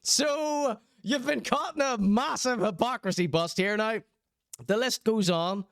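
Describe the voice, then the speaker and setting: Guy hosting, high smooth voice, dry close sound, laughing at his own jokes. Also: a little slow, fairly bright tone, no room sound. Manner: laughs mid-sentence, teasing. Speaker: host. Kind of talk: casual mocking commentary.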